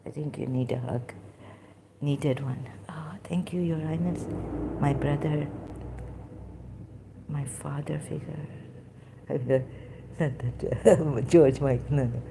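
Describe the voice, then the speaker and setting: A woman talking alone on a livestream, hesitant and halting, often dropping into whispers. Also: low voice, steady tone, creaky, noisy background. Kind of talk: rambling solo livestream talk.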